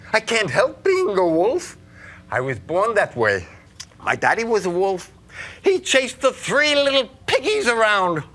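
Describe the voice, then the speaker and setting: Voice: medium pitch, bright, forceful tone. A performer playing a sly, joking wolf in a children's stage musical who sings and makes puns. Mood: playful. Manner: playful, sings a bouncy song, puns.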